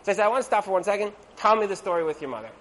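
A man with a high voice teaches an evening class on Torah and marriage, keeping it chatty. He tosses in rhetorical questions and slips into the voices of the people he quotes. A faint noise runs under his voice. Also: lively intonation, rapid-fire, fairly bright tone. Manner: conversational, asks rhetorical "right?", acts out quoted voices.

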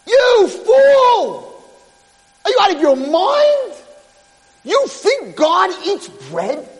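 A man voicing a furious older male rabbi who shouts scornfully at a peasant. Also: very high-pitched, wildly swooping pitch, drawn-out words, pitched above the performer's own voice, heavily acted. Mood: furious scolding. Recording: long hall reverb.

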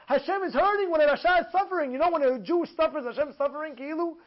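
A man's voice: very high voice, rapid-fire. A man teaching a religious lesson. He repeats himself for emphasis and keeps asking his listeners rhetorical questions. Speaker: Torah teacher. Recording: dull lo-fi sound.

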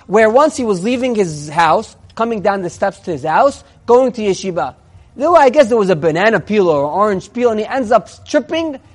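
A man giving a sermon, asking rhetorical questions and mixing Hebrew phrases into his English. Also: sits high. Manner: lively, swinging between soft and emphatic. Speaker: rabbi giving a Torah class.

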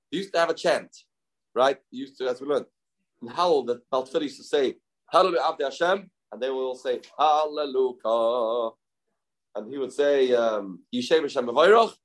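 At a middle pitch, a man teaches a Talmud class, his voice rising and falling as he chants verses in a sing-song before returning to explanation. He repeatedly poses questions to his listeners and answers them himself.

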